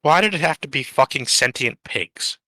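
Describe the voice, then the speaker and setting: A man's voice: fairly high pitch, animated, moderate pace, pushed and bright, no echo. A man joking and swearing in casual chat as a player in a tabletop game.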